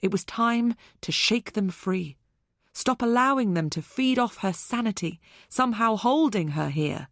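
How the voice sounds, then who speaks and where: A woman narrating an audiobook thriller in a measured, even storytelling manner. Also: medium pitch, no echo, clean studio sound. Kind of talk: scripted narration.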